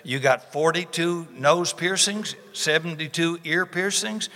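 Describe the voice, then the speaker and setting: A man's voice: fairly high pitch, unhurried, sharp tone, big-room sound. A man preaching a sermon as pastor, folksy and emphatic, with phrases he repeats for stress. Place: church sanctuary.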